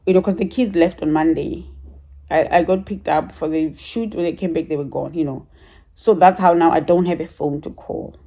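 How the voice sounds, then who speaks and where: Mellow-voiced woman telling a testimony. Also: low-pitched, normal speed. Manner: chatty and rambling, with frequent laughs and some emotion. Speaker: church member giving a testimony. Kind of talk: casual spoken testimony story.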